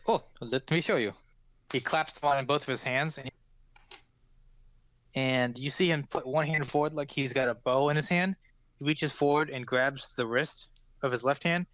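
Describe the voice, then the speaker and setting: A man's voice: mid-range voice, fairly even intonation, normal speed, a bit bright. A man narrating a tabletop game as game master, rambling with many fillers.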